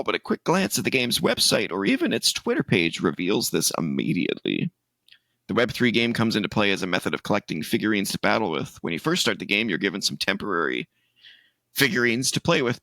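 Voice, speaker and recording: A man's voice: on the low side, pushed and bright, dry recording. A man from Canada co-hosting a casual gaming podcast, who reads news aloud and laughs often. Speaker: podcast co-host.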